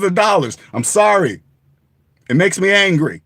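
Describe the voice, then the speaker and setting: A man's voice: sits high, big pitch swings, moderate pace, a bit bright, no echo. A man giving blunt money advice straight to the camera in an emphatic, repetitive rant, swearing for emphasis and laughing at himself. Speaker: personal finance vlogger.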